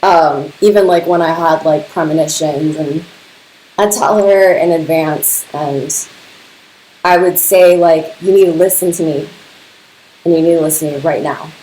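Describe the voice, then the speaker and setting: A woman's voice: deep voice, steady tone, a little slow, warm tone, a little hiss or hum. A woman casually telling personal stories, chatty and laughing often, filling her talk with "like". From Serbian family. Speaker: podcast host. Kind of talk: casual storytelling. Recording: echoey room.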